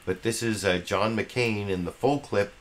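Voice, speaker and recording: Low-voiced man rambling through commentary. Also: a little slow. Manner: rambling, hesitant, many fillers and restarts. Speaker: political commentary host. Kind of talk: casual live-stream commentary.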